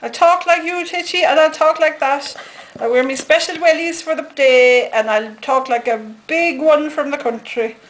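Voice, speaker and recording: A woman putting on a brash country woman in wellies with a rural Irish accent, loud and teasing. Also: sits high, normal speed, voice pushed up, natural voice, rough recording. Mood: mocking.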